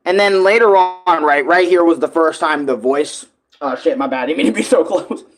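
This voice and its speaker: A man's voice: fairly high pitch, normal speed. A man chatting loosely about his own song cover, swearing and restarting sentences often. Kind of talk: casual rambling commentary.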